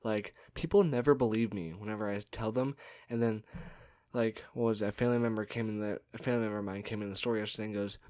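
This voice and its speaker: A man's voice: on the low side, fairly even intonation, fast talker, a little mellow. A young man telling stories from his customer service job in a rambling, casual way, laughing often and filling with "like". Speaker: vlogger telling work stories. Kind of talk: casual storytelling.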